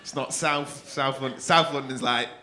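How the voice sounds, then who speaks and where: A man doing stand-up crowd work on a comedy club stage, teasing audience members with quick-fire, sweary banter. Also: medium pitch, steady tone. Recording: live club recording with crowd noise. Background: audience laughing.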